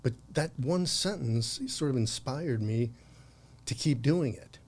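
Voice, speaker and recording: A man's voice: mid-range voice, expressive, a little slow, a little mellow. A man in his sixties from the United States, a podcast guest telling long anecdotes with frequent laughs and restarts. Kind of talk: conversational anecdote.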